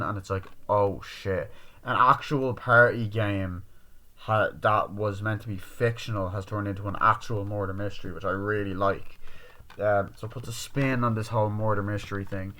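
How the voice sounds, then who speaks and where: A man's voice: lowish voice, a bit bright. A man giving a casual spoken movie review, rambling loosely and swearing often. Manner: rambling, heavy swearing, constant "you know" and "like".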